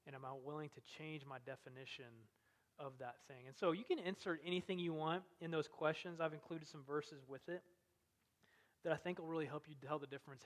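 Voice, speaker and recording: A man's voice: fairly high pitch, a little fast. Earnest preacher man in a reverberant hall. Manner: earnest, conversational preaching with big swings in loudness. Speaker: campus ministry speaker. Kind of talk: sermon. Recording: long reverb of a large hall.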